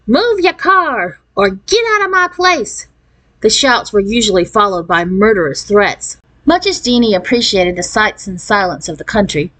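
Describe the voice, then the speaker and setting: Woman reading a children's novel aloud. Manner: expressive storytelling, raising pitch for quoted voices. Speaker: narrator.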